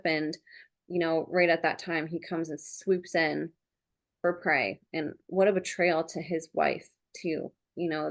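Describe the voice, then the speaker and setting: A woman hosting a podcast, responding to her guest in an earnest, emphatic way, thinking aloud with restarts. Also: on the low side. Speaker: podcast host. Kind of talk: casual conversational interview.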